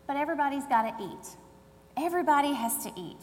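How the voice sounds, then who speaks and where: A woman's voice: high voice, expressive, fast, a little mellow. A woman preaching a conversational sermon in a church, telling the story with acted-out voices. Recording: long hall reverb, faint hum.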